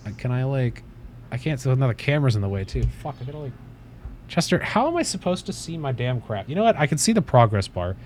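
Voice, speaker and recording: A man's voice: mid-range voice, sing-song, fast talker, slight background noise. A man hosting a casual livestream from his desk at home, rambling, swearing offhandedly and cooing at his cat. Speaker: livestream host.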